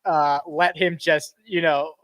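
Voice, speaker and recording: A man hosting a golf show, animatedly breaking news to his co-hosts in excited banter. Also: on the high side, slow. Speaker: podcast host. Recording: dry close mic.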